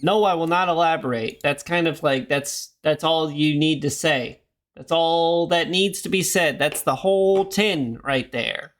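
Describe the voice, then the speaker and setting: During live gameplay commentary on a horror game, a young man reads the on-screen text aloud between jokes and rambling asides. His voice is on the high side and slightly bright, at a measured pace.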